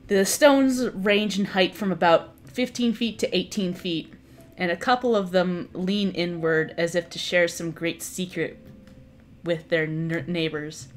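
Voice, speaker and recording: A woman narrating a tabletop game as dungeon master, relaxed and loose, with fillers. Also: on the low side, unhurried.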